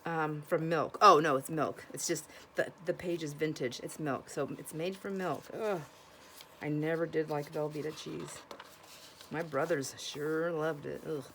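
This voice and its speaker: A woman from Washington State with a notably low voice talks casually to her viewers about her finds. She rambles and restarts her sentences, breaking off to exclaim and gasp over each new find. A faint hiss of noise sits under her voice. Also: fairly even intonation, measured pace, fairly bright tone. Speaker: vlogger showing thrift finds. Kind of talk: casual chat to camera.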